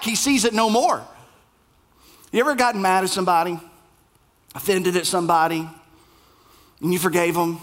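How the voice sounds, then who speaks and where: A man preaching a sermon, with emphatic repetition and sudden drops to a hushed voice. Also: very high voice. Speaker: pastor.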